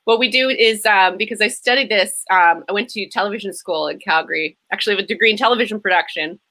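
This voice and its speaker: A woman's voice: mid-range voice, fast. A Canadian woman with a Canadian accent, chatting casually and animatedly on a live show. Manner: chatty, animated, laughs often. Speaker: tribute performer. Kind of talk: casual chat. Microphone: home setup.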